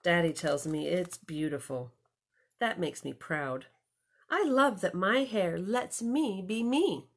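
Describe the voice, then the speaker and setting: A woman librarian reading a picture book aloud to children, expressive and storytelling, with chatty asides. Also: fairly low pitch, slow, husky.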